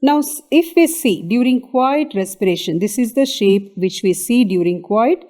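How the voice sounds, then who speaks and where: A woman's voice: on the high side, expressive, normal speed, warm tone. A woman with an Indian English accent giving an exam revision lecture on anatomy, explaining step by step and often checking in with "okay".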